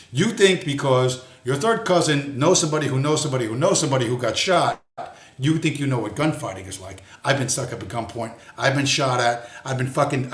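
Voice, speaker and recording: Man, livestream host, angry profane rant, blunt, mid-pitched voice, roomy echo. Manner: swears constantly, angry and blunt. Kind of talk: profane ranting monologue.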